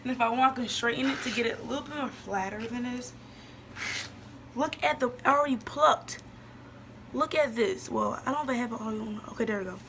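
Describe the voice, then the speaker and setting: Excited young woman vlogger, slightly high. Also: a little fast, vocal fry, a little hiss or hum. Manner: excited, chatty, addresses viewers as y'all. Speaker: beauty vlogger. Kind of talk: casual wig unboxing vlog.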